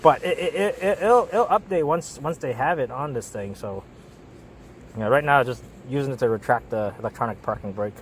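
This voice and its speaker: A man's voice: mid-range voice, brisk, slight background noise. A man working as a mechanic, giving casual how-to narration while he works, rambling and often repeating words and restarting. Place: auto repair shop.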